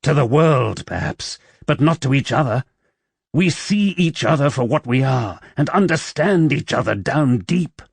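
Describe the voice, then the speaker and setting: A man voicing a brooding, persuasive young nobleman who speaks with low, coaxing intensity in an audiobook. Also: lively intonation, unhurried, gravelly, slightly rough, dry recording, full character voice.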